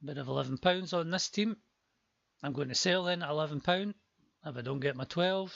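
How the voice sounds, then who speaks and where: A man's voice: fairly high pitch, brisk, creaky, fairly bright tone, no room sound, highs cut off. A man calling a live auction stream, chatty with joking asides, his voice worn from a long day before.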